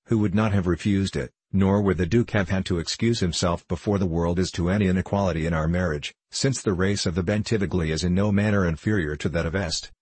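A man's voice: low-pitched, darkish tone, husky, no room sound. Man reading as a tearful noble young lady. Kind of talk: audiobook reading.

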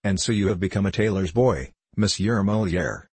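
A man's voice: sits low, lively intonation, moderate pace, a little mellow, breathy edge, no echo. D'Artagnan, a man reading as a bantering musketeer captain. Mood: teasing. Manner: bantering, commanding.

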